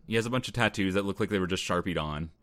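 Deep-voiced young man recapping a movie. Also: very fast, fairly bright tone, dry recording. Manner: wry, laughs while recapping scenes. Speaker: podcast co-host. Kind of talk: casual movie-review chat.

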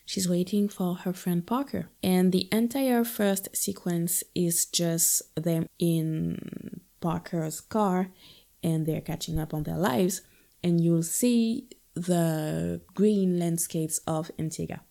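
A woman's voice: lowish voice, takes it slowly, vocal fry, dark tone. A young adult woman from Guadeloupe, talking reflectively and casually about a film with playful asides. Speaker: film discussion host.

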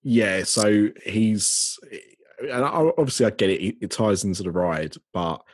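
A man with a husky, fairly low voice talks through his points in relaxed podcast chat. He is recorded close and dry. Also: a little slow, no echo. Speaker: podcast co-host. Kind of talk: casual chat.

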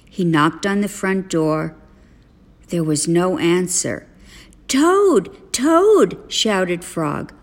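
A woman reading a children's storybook aloud as a parent, narrating gently and expressively. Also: on the low side, fairly even intonation, slow pace.

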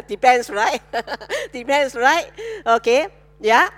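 A woman pastor, preaching a sermon with animated call-and-response to her congregation. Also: high voice, extremely slow.

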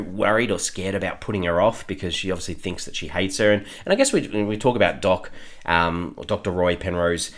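Aussie guy with a deep voice chatting thru a tv review, lots of little laughs and ums. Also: fairly bright tone. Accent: Australian. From Australia. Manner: chatty, with frequent chuckles and fillers. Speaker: podcast host. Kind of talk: casual solo review podcast.

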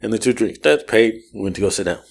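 Man, low-ish voice, podcast host, casual storytelling, laughs a lot, swears, animated. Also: fast talker, gravelly. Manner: animated, profane, laughs often, mimics people in his story.

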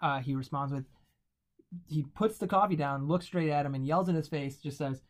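A man's voice: fairly high pitch, normal speed. A man around thirty telling a personal story in a casual conversation, checking in with the listener often. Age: late 20s to 30s. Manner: relaxed, anecdotal, uses "right?" often.

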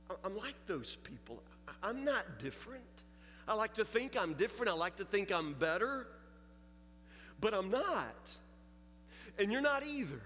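A man with a high, pushed, bright voice preaches a sermon, telling a story in a confessional style with steadily rising intensity. The recording has long hall reverb and faint music behind him.

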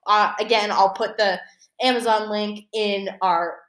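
A woman's voice: mid-range voice, steady tone, a little slow, a bit bright. Giggly young woman podcast host, echoey room. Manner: giggly, talks over others, quotes characters in silly voices. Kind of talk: casual chat.

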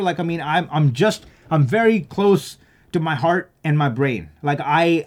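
A young man giving casual career advice in an animated, enthusiastic way, full of "like" and "right?". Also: on the high side.

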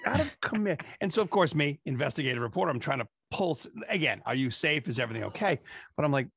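A man with a gravelly, husky voice trades casual, profane banter on a podcast. He tells loose, rambling stories and swears freely. The sound is close and dry. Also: a little high, very animated, fast talker, fairly bright tone, no room sound. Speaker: podcast co-host.

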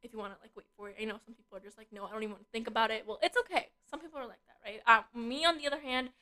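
Talking fast, very fast, this teen co-host chats about getting ready for college, her speech full of "like." She's a little high-pitched with a sharp tone and fairly level intonation, recorded at a desk mic in a relaxed advice conversation.

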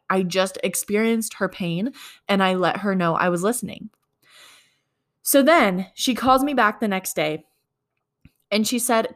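A woman's voice: mid-range voice, measured pace, long pauses. Chatty woman telling a sales story. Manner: conversational, acts out both sides of dialogue. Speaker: apartment leasing agent.

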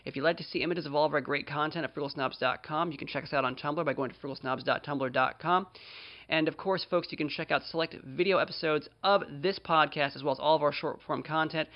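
A man's voice: fairly high pitch, muffled recording. A man hosting a podcast in a small studio, joking at his own expense as he chats. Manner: jokey, self-deprecating, fast promo patter. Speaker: podcast host. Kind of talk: casual podcast chat.

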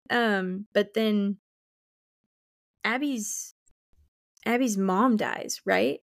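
A woman's voice: mid-range voice, slow, pauses often, no echo. Gushing young woman podcast co-host, dry sound. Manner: emotional, gushing, rambling. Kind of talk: casual book chat.

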